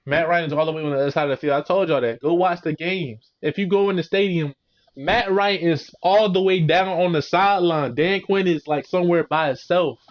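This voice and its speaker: A young man, his voice sitting a little high, rants in a casual, slangy way. He keeps circling back to "bro" and "man" as he vents like a fed-up fan. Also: brisk. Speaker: sports vlogger.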